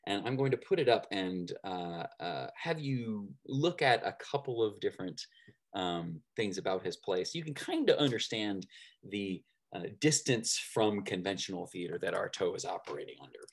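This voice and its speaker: A man with a somewhat low voice delivers a recorded lecture on theater. His delivery is loose and conversational, dotted with fillers and little "right?" check-ins. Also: animated, normal speed.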